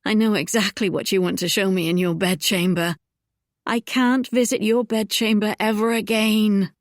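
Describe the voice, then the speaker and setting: A woman's voice: medium pitch, steady tone, moderate pace, dry recording, clean studio sound, natural voice. A woman voicing an earnest, emotional young Regency lady in an audiobook, speaking in a pleading, heartfelt way. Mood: distressed.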